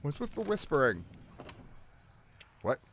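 A man's voice: a little high, wildly swooping pitch, unhurried, fairly bright tone, slight background noise. A young man giving let's-play commentary on a horror game, with jumpy, chatty, half-joking reactions to scares. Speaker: gaming YouTuber.

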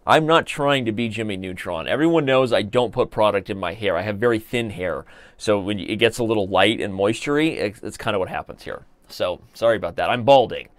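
A man in his thirties hosts a live stream in a relaxed, joking way, reading viewer comments aloud. His voice sits on the low side. The desk mic gives a dry, close sound with no room echo. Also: a little fast. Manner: chatty, joking, reads viewer chat aloud. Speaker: chess streamer host. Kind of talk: casual live-stream chat while playing.

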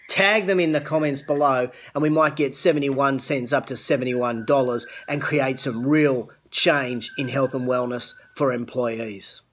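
A middle-aged Australian man hosting a live business show, giving an earnest, coaching talk on leadership and greeting viewers by name. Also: on the high side. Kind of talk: live-streamed motivational talk.

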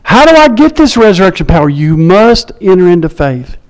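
A male pastor preaching a sermon in an animated way, acting out the people he quotes. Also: high voice, a little fast, rough recording. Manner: animated, acts out quotes in shifting voices.

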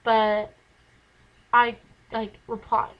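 A woman's voice: a little high, completely flat delivery, very slow, lo-fi sound. A teenage girl, rambling in a casual vlog from her bedroom, filling her talk with "like", recorded on a camera mic. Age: teens. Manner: chatty, rambling, lots of "like". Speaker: vlogger.

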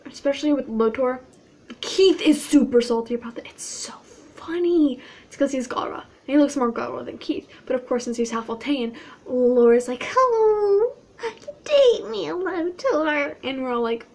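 High-voiced woman in a rambling cosplay vlog. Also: steady tone, normal speed, darkish tone. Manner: rambling, playful, self-mocking. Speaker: cosplayer vlogging in character. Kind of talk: casual in-character cosplay vlog.

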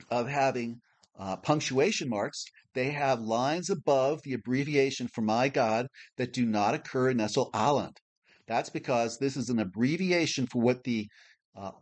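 A man teaching a Bible class, reading a prepared lesson in a measured, explanatory way and slowly spelling out letters. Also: mid-range voice.

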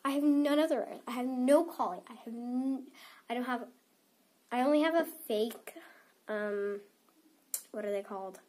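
A teenage girl with a slightly high voice and a blocked, stuffy nose talks casually to camera. She giggles often and rambles, filling her sentences with "like". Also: moderate pace, pauses often, darkish tone. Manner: giggly and rambling, many "like" fillers. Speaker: toy unboxing vlogger.

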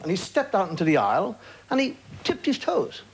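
A man's voice: high-pitched, a little fast, creaky, poor audio. A man in his fifties with an Irish accent, a chat show guest telling comic stories with wry asides and acted-out punchlines. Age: 50s. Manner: animated anecdotes with wry asides, acting out punchlines. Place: TV studio before an audience. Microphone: studio broadcast mic. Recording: old TV broadcast with loud hiss and studio audience laughter.

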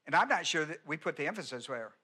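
A man preaching a teaching sermon, his voice bright and ringing and set a little higher than most men's. He presses each point by repeating it and keeps asking the congregation questions. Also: expressive, quick pace, husky. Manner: emphatic teaching, repeats key words, asks the congregation questions. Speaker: pastor. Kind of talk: expository sermon.

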